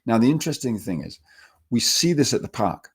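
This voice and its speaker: A man giving a dog training webinar, telling stories with lively acted quotes and getting emotional at times. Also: medium pitch, fairly quick, husky. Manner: animated storytelling, acts out dogs in quotes. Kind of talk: webinar talk.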